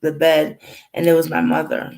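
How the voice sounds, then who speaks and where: Her deep voice stays monotone, with vocal fry, a darkish tone and a moderate pace, captured in a low-quality recording. A woman is recounting a painful family story to the camera, rambling, acting out the conversations and fighting back tears in this emotional personal storytelling.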